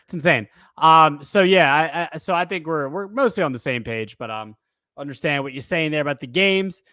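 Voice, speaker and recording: A man's voice: a little high, moderate pace, sharp tone, no echo, studio quality. A man co-hosting a casual sports podcast, talking loosely with lots of fillers, restarts and self-corrections. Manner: rambling, frequent fillers and restarts. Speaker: podcast co-host.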